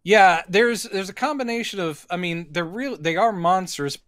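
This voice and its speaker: A man co-hosting a casual podcast chat, giving relaxed, wry commentary. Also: high voice, moderate pace, clear, resonant tone, no room sound. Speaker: podcast co-host. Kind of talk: casual chat about a film.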